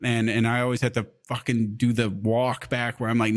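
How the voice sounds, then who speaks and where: A man in his thirties chatting casually on a podcast, telling profane stories with lively impressions of others. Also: normal speed. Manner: profane, animated storyteller, acting out others' lines in a high voice. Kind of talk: casual chat, storytelling.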